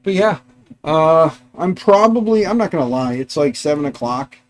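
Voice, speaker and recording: A man's voice: a little high, lively intonation, moderate pace. A middle-aged man hosting a casual livestream from his garage workshop, rambling chattily and talking to his dogs and viewers. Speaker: livestream host.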